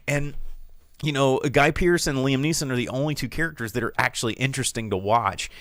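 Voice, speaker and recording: A man's voice: medium pitch, wildly swooping pitch, moderate pace, a bit bright, no echo, clean studio sound. A man hosting a podcast, reviewing a film in casual chat, rambling and sarcastic with lots of fillers and restarts.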